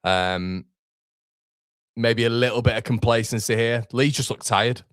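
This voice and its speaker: A young man hosting a live football watchalong, excitable and sweary, chatting to his viewers. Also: mid-range voice, a little slow, smooth, no room sound, studio quality. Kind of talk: live match reaction.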